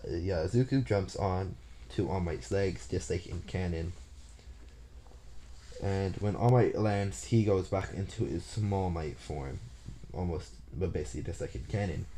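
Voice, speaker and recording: Male storyteller, deep and mellow voice, loosely improvising a fan story while working out the plot aloud. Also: a little hiss or hum. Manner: thinking aloud, plotting as he goes. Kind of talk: casual improvised story retelling.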